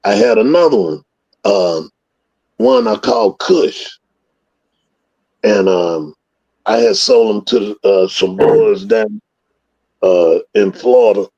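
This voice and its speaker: A man with a gravelly, husky voice spins loose, profane stories in casual conversation. He acts out the scenes as he goes. The audio is slightly dull and lo-fi. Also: on the low side, expressive, slow pace, long pauses. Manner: profane, rambling storyteller who acts out scenes loudly. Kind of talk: casual storytelling.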